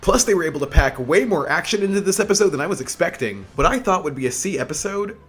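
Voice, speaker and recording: A man's voice: fairly high pitch, animated, fast, fairly bright tone, faint music behind. A man giving a casual episode review, with wry, joking asides. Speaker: anime reviewer.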